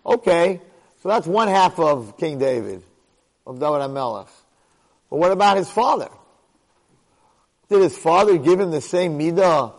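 A man's voice: a little high, animated, normal speed, pauses often, in a large hall, rough recording. Emphatic middle-aged man giving a Torah class. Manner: emphatic, rhetorical questions, frequent restarts. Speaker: Torah lecturer.

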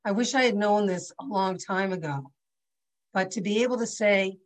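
In a medium-pitched voice at a moderate pace, an older woman leads a video-call class, her casual talk chatty and rambling with frequent asides. The recording is rough.

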